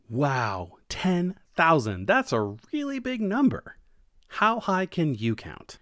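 Children's read-aloud narrator, encouraging, very expressive, dry recording. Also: medium pitch, takes it slowly, dry recording. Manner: animated, encouraging, asks the listener questions. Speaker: storyteller.

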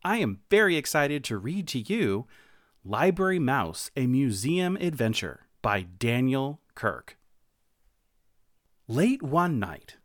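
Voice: mid-range voice, no room sound, studio quality. A storyteller reading a picture book aloud to children, encouraging them and asking them questions. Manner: animated, encouraging, asks the listener questions.

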